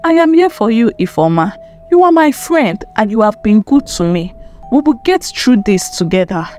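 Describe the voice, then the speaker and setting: A woman's voice: a little high, very animated, moderate pace, a little mellow, faint music behind. A woman with a Nigerian accent voicing a loyal young female friend, assertive and reassuring.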